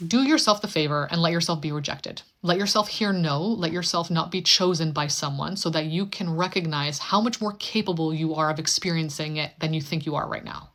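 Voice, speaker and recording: Woman with a lowish voice giving earnest pep talk advice. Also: a little fast, hardly any pauses, a bit bright. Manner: earnest, coaching. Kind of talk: motivational talk.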